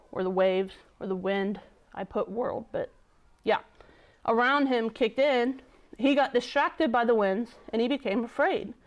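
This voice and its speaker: Brief: young woman youth leader, chatty sermon, smooth clear voice sitting a bit high. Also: lo-fi sound. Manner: chatty, conversational, many "like" fillers. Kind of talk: casual youth sermon with scripture reading.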